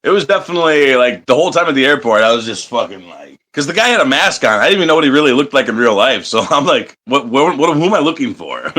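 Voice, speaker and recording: A man's voice: medium pitch, big pitch swings, fast talker, bright, forceful tone. A man telling wrestling road stories on a podcast in a loose, profane way, laughing often. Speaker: wrestler guest. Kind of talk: casual storytelling interview.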